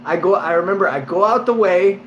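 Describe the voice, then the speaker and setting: A man a little drunk, talking to camera at home in a loose, meandering way. His voice sits somewhat high for a man, and he swears constantly as he tells a story. A faint hum of air conditioning runs underneath. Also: expressive, a little fast, fairly bright tone, lo-fi sound. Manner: rambling and heavily profane, lots of fillers. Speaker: vlogger. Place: at home, indoors.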